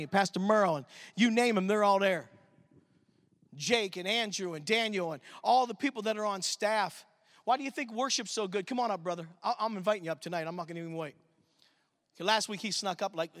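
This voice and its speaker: A man from Michigan preaching at a church service, his voice strikingly high and bright. He tells stories in an animated way, acting out the people in them. The sound is close and dry. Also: no echo. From Michigan, USA. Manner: animated, acts out quotes in the story. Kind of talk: sermon with storytelling.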